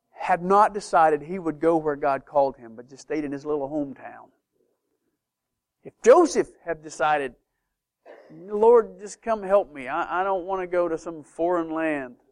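Animated high-voiced male preacher. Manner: animated, rhetorical questions, swings from soft to loud. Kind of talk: sermon.

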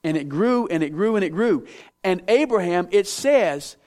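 Male preacher, high-pitched, animated, talks straight to the congregation. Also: normal speed. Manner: animated, acts out biblical figures, asks audience to respond. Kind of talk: sermon. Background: audience in room.

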